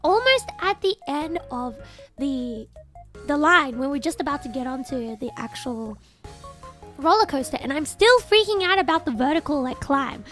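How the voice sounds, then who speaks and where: A young woman streamer telling a story in casual, animated chat, often breaking into excited shouts. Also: sits high, moderate pace, faint music behind.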